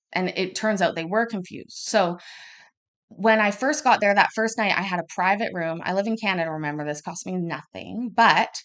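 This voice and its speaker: A woman in her thirties telling a personal story in a casual, rambling way, restarting often and acting out quoted lines loudly. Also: lowish voice. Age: 30s. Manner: chatty and rambling, with many restarts; acts out quoted lines with sudden bursts of loudness. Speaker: podcast host.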